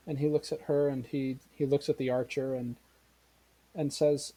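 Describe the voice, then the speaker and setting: Male game master, dark husky voice, measured narrating style. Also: medium pitch, little pitch movement, low-quality recording. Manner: measured, with fillers.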